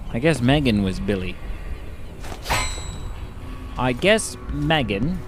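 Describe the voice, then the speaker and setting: A man gives relaxed let's-play commentary in a slow, rambling way, his pitch jumping around as he jokes. He cuts himself off mid-thought and starts over, with faint background noise under his voice. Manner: rambling, jokey, self-interrupting. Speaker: gaming video host.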